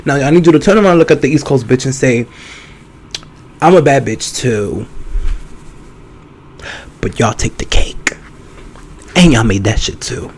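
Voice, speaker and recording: A man hosting a podcast, talking loud, campy and playful in casual chat. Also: mid-range voice, lively intonation, brisk, slight background noise. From New York. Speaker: podcast host.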